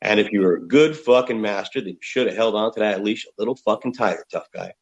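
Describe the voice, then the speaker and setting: Low-voiced and fast, this man comes through on a lo-fi recording. In his fifties and from the United States, he's a rock musician being interviewed, and he tells candid stories full of profanity in an animated way.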